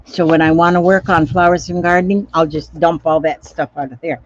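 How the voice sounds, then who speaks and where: A woman's voice: sits low, fairly even intonation, a little fast, no room sound. Woman, casual crafting chat, repeats phrases to herself, dry room, dull muffled sound. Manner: chatty, repeats phrases to herself while working. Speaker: craft vlogger reading live comments.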